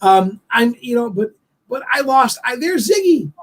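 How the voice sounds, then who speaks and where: A man hosting a casual live-stream chat show, rambling and emotional with many halting restarts. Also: extremely high pitch, sing-song, low-quality recording. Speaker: host of a live online talk show.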